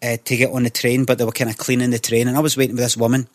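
A Scottish man telling an animated, sweary story in casual chat. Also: mid-range voice, rapid-fire, dry recording.

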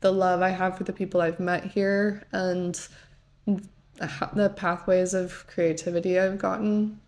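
A woman's voice: fairly low pitch, level tone, unhurried, a little mellow. A young woman from the United States, a guest on a podcast, chatting casually with lots of "like" and self-corrections. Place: pub.

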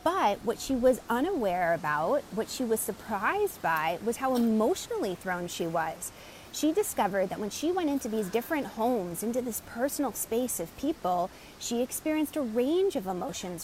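A woman energy coach telling client stories in an animated way and greeting live viewers by name. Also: fairly high pitch, a little hiss or hum. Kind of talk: live-stream teaching talk.

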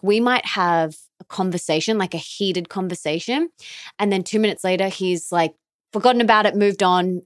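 A woman hosting a podcast in casual conversation, animated and quick to laugh. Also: medium pitch, dry recording, clean studio sound. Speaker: podcast host.

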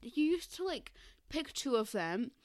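A young woman co-hosting a casual podcast chat, giggly and animated, often acting out characters' lines. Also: high-pitched, unhurried, slight background noise. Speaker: podcast co-host.

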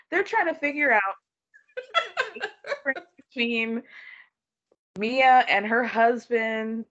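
Higher-voiced woman gossiping about a tv show, laughs a lot, kinda muffled audio. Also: slow pace, long pauses. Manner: animated, quotes people in put-on voices, laughs often. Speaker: podcast co-host recapping a reality show. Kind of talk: casual chat.

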